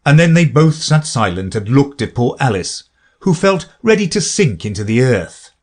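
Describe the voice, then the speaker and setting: A man narrating a classic children's story as an audiobook reader, with a slow, lively reading manner. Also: medium pitch.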